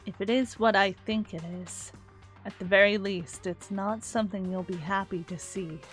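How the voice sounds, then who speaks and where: A woman doing a quiet, guarded girl detective. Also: fairly even intonation, soft background music, natural voice. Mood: cautious. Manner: low, quiet and measured. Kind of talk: dramatic reading of game dialogue.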